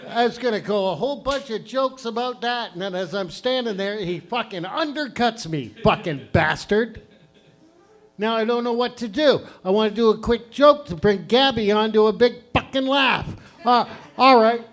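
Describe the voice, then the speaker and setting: A man hosting a live stand-up show on stage, loud and profane, rambling between jokes. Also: extremely high pitch, moderate pace. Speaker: comedy show host. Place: live comedy venue stage.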